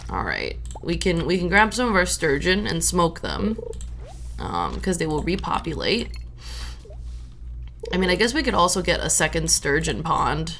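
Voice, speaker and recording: A woman's voice: lowish voice, very animated, normal speed, a bit bright. A young adult woman streaming a farming game, chatting casually in a rambling way with lots of fillers.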